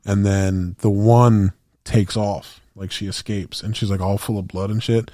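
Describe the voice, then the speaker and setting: Man, low mellow voice, casual podcast storytelling, acts out quotes, dry close sound. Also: little pitch movement, measured pace, no echo. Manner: rambling storyteller, acts out movie quotes, swears. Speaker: podcast co-host. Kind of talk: casual chat.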